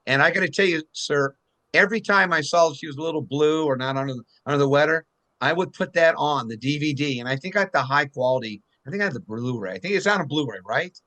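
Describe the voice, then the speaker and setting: Male host, earnest rambler, bright and forceful. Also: on the high side, lively intonation, fast. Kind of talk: casual talk show chat.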